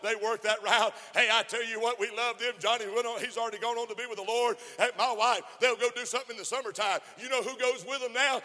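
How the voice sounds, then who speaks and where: Echoing through a church conference hall, a high-sitting, sharp-toned male voice delivers an impassioned sermon. He laughs frequently and keeps urging the crowd to say amen.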